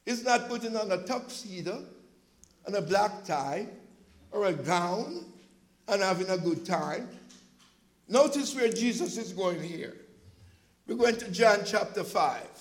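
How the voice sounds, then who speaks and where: A male preacher giving an impassioned sermon, telling stories from his church's food pantry and at times rising to a shout. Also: high-pitched, expressive, measured pace, pauses often, low-quality recording. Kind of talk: sermon with storytelling.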